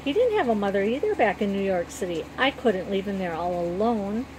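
A woman's voice: medium pitch, expressive, a little fast, background noise, lightly acted. A woman playing a scrappy, guarded orphan girl. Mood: earnest.

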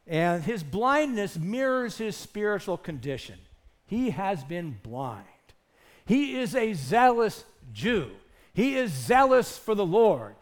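Animated, high-voiced man preaching a sermon. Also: slow pace. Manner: earnest, emphatic, with rhetorical questions. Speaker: pastor.

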